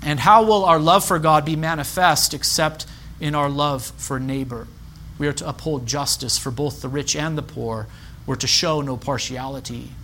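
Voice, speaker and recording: A man preaching a sermon as pastor, measured and emphatic, repeating key phrases. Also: on the high side, fairly even intonation, sharp tone, slight background noise.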